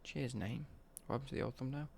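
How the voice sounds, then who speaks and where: A man's voice: mid-range voice, quick pace, vocal fry, a little mellow, slight background noise. A man live-streaming a football game and chatting cheekily with viewers, reading their messages out and joking back. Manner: cheeky, jokey banter, reads out chat messages.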